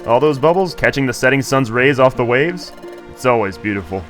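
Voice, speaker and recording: A man's voice: mid-range voice, expressive, a little fast, fairly bright tone, faint music behind, lightly acted. A man reading the lines of a timid, gloomy young male lizard creature in a game, in a mild, downcast way. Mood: wistful.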